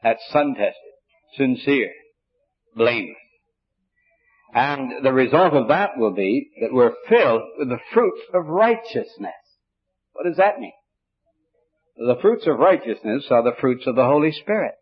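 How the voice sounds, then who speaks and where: A man preaching a sermon, teaching in a measured, earnest way with frequent restarts. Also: medium pitch, expressive, slightly rough, lo-fi sound.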